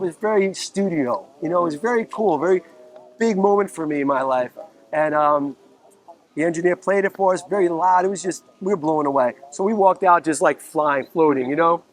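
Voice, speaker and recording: His voice sits high and his pace runs a little fast as this musician guest from the Bronx tells casual stories in a park. He's animated and profane, acting out the quotes.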